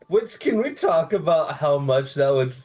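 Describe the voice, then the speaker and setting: This young tabletop gamer talks in a somewhat high, darkish voice as he plays his character. He's relaxed and chatty, swearing offhandedly and making jokes at his own expense.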